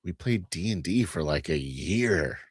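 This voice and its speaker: Deep, lively-voiced blunt male co-host. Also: unhurried, husky, no echo, studio quality. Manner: blunt, jokey. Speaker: podcast co-host and game master. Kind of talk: casual chat reacting to a video.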